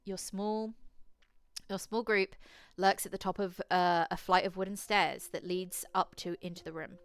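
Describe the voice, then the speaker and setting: A woman's voice: fairly low pitch, steady tone, moderate pace, smooth, dry recording. A woman reading aloud and playing a solo tabletop horror adventure, casual and swearing, laughing at herself. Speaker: solo tabletop game player and narrator.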